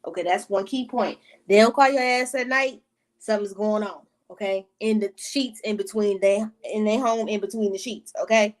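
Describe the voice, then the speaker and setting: A woman's voice: medium pitch, steady tone, normal speed. A woman vlogger telling a personal storytime in casual, profane talk that keeps drifting into side tangents aimed at her viewers.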